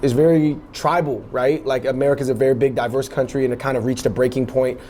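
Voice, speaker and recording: A man's voice: mid-range voice, steady tone, fast, mellow, a little hiss or hum. Rambling young man chatting in a dessert shop. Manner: rambling, lots of fillers and restarts. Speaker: web video host. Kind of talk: casual interview chat.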